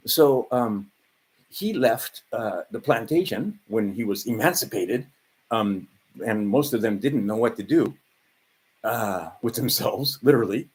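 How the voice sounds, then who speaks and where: Man, around 60, from Hawaii, husky, lively pitch, rambling profane vlog monologue. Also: unhurried, poor audio. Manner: rambling, profane, with frequent fillers and laughing asides. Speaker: vlogger.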